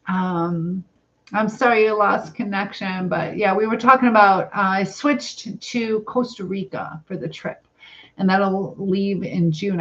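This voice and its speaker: Slow-talking Southern woman on a lo-fi stream. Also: mid-range voice. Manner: rambling, reads viewer comments aloud. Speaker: livestream host. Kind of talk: casual livestream chat while cooking. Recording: dull lo-fi livestream audio.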